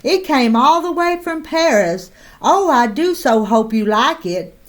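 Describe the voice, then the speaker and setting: Shy little storybook lady, tiny high meek voice put on by a woman reader. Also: animated, unhurried. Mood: timid. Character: timid quiet lady in a chicken hat.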